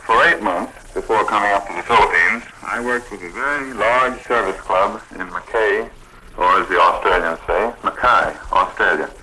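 A man's voice: lowish voice, moderate pace, sharp tone, a little hiss or hum, rough recording. A man being interviewed about his club on a scripted 1940s radio broadcast, reading his prepared lines steadily and proudly. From United States. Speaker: Red Cross program director.

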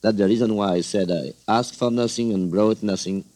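A middle-aged man speaks with a heavy French accent, his voice sitting very low. He answers questions slowly and carefully, pausing with little fillers as he reaches for the right words in English, which is not his first language. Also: fairly even intonation, mellow. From France. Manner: measured, hesitant, searching for words. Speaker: political guest. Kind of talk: broadcast interview answers.

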